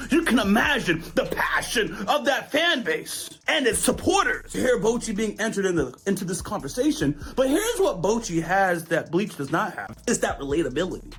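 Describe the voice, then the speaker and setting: Guy from jamaica ranting on his anime show, voice jumps all over, really into it. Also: sits high. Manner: animated, excitable, addresses viewers directly. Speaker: anime reaction host. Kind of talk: casual anime review rant.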